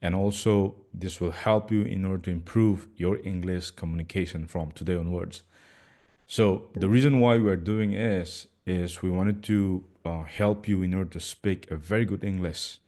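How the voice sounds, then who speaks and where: Deep-voiced Manipuri man hosting a live stream. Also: steady tone, normal speed, dark tone. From Manipur, India. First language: Meitei. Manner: mixes languages, hesitant with fillers. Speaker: host.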